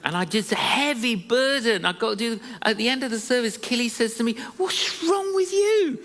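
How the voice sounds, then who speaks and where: A preacher tells a story in a lively, joking, conversational manner, at a mid pitch. The voice rings through a church hall with a long reverb behind it. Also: a little fast. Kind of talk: sermon storytelling.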